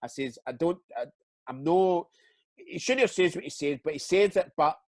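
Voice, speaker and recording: Scottish man, retired footballer, swearing, stumbling repeats, slightly high voice. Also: moderate pace, no echo. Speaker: retired footballer, interview guest. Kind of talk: casual storytelling chat.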